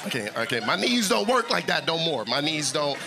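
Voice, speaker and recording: A man, doing loud, animated stand-up and crowd work in a comedy club. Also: on the high side, fairly quick. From Atlanta, Georgia, USA. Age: 30s. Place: comedy club with laughing audience. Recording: live club recording with crowd noise.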